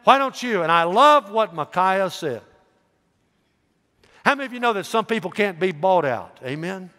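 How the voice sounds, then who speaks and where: A male pastor preaching a sermon, telling a story with animated voices and calling out questions to the congregation. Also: sits high, normal speed. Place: church. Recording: echoey church hall reverb.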